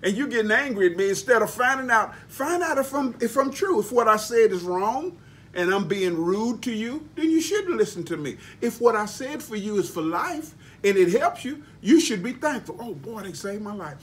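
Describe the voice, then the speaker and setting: A male pastor delivers an emphatic, folksy sermon. His voice sits high for a man, and he leans into words to drive each point home. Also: lively intonation, normal speed. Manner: emphatic preaching with spelled-out words and folksy asides.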